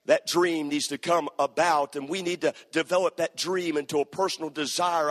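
High-voiced preacher in a ringing hall. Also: male voice, fairly even intonation, normal speed, few pauses. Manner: dramatic storytelling, acting out quoted voices; emphatic, rising to loud exhortation. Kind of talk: sermon. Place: church sanctuary. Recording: long reverb of a church hall.

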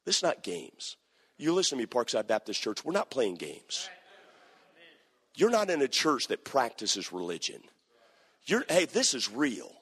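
A male pastor preaching a sermon, moving between hushed storytelling and shouting. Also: mid-range voice, wildly swooping pitch, unhurried, pauses often, breathy edge. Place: church sanctuary. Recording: echoey church hall.

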